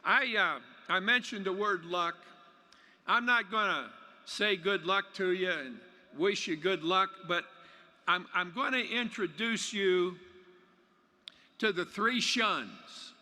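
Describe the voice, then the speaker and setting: Folksy older man speaking slowly. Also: sits high, pushed and bright. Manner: folksy, plainspoken, with halting restarts. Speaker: commencement speaker. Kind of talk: commencement speech. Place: large indoor arena. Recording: long arena reverb.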